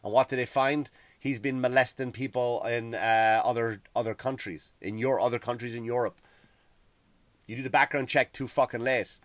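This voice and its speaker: A middle-aged man with an Irish accent, hosting a profane, heated ranting monologue that grows loud and high when he gets worked up. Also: fairly even intonation, normal speed, no echo. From Ireland. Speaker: podcast host.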